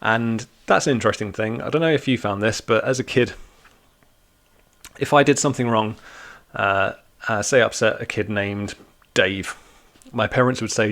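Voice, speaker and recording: A man giving a relaxed, joking church talk to young people, teaching like a friendly youth leader. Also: fairly low pitch, normal speed.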